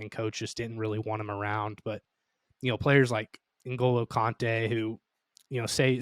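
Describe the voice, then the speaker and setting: Flat-voiced man in dry close sound. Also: on the low side, no room sound. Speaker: podcast co-host. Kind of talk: casual soccer analysis chat.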